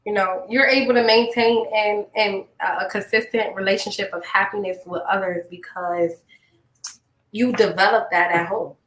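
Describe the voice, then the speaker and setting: Casual woman host, bright and lively, blunt and profane, in a roomy echo. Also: mid-range voice, moderate pace. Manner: animated, blunt and profane, laughs often. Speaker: podcast host. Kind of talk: casual podcast chat.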